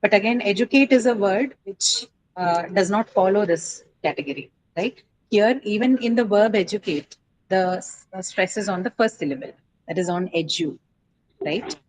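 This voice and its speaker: A woman's voice: mid-range voice, lively intonation, moderate pace, a little hiss or hum, low-quality recording. A woman teaching English word stress in a classroom lecture, explaining patiently, asking students questions and often checking with "right?".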